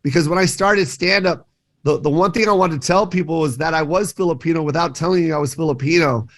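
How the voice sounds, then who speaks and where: A man, a comedian, talking as a guest in a casual radio interview, telling stories in an emphatic, animated way. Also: a little high, quick pace.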